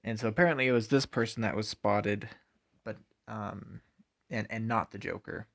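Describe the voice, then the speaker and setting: A man's voice: on the low side, steady tone, normal speed, gravelly. A man giving a casual spoken comic book review, hesitant with frequent ums and uhs.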